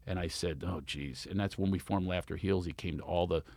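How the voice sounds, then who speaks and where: Animated male comedian telling stories. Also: fairly quick, gravelly, no room sound. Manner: animated storyteller, acts out quotes with big pitch jumps. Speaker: comedian guest. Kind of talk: casual storytelling chat.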